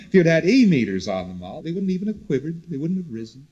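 Male lecturer, lively up-and-down delivery, conversational, repeats for emphasis, husky. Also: on the high side, brisk, highs cut off. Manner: conversational, repetitive, animated emphasis. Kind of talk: recorded lecture to students.

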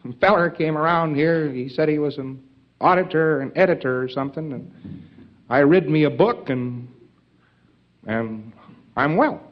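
A man's voice: a little high, a little slow, pauses often, dull audio. A man giving an informal lecture to trainees in a folksy, emphatic way, with joking asides.

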